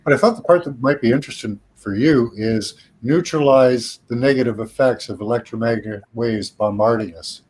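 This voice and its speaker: A man's voice: medium pitch, a little fast, hardly any pauses, a little mellow, slightly rough, rough recording. A man in a casual group voice chat, explaining things step by step with fillers. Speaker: chat participant.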